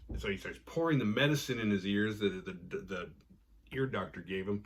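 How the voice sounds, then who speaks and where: A man hosting a podcast, casually retelling a horror episode with profanity and quick acted-out quotes. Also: lowish voice, fairly bright tone, slight background noise. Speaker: podcast host recapping episodes. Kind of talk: casual recap chat.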